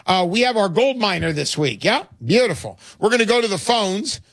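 Brash, high-voiced talk host. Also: male voice, very animated, moderate pace, creaky, a bit bright, no room sound. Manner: brash, pushy salesman patter. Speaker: radio show host. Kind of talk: gold sales talk show.

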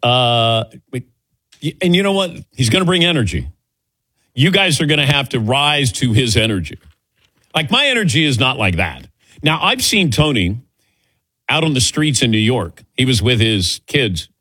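Lively, bright-voiced middle-aged man hosting sports radio. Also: medium pitch, slightly rough. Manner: loose, joking, reads ad copy briskly. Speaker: radio and TV sports show host. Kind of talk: casual sports radio chat. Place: studio. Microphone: studio microphone.

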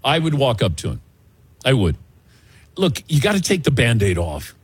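A man's voice: mid-range voice, huge pitch swings, normal speed, breathy edge, no room sound. A man hosting a sports radio show, chatting casually, laughing often and telling anecdotes into a studio microphone.

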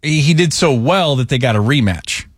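A man co-hosting a sports talk show, animated and joking, quick to tease. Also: mid-range voice, dry recording, studio quality. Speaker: sports radio co-host.

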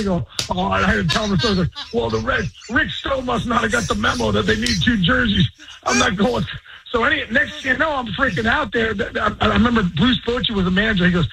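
A man who is a former pro ballplayer, guest on a radio show, telling stories excitedly, repeating words and quoting others in quick little voices. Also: high-pitched, gravelly, a little hiss or hum, rough recording. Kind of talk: animated storytelling on a radio show.

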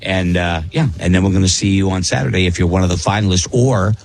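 A man's voice: deep voice, steady tone, fast. A man hosting a radio show, talking bluntly and plainly in casual banter with co-hosts.

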